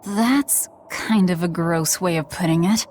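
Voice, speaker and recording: A woman's voice: on the low side, unhurried, a little mellow, slight background noise, close to an everyday voice. An actress voicing a blunt, guarded young woman in a video game, speaking in a terse, subdued way. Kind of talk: game voice acting.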